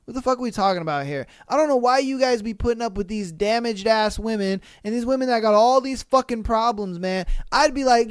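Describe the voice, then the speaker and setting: A man's voice: extremely high pitch, brisk, few pauses, smooth, dry recording, clean studio sound. A man hosting a podcast, reading listener stories aloud and reacting with blunt, profane, exasperated commentary. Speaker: podcast host.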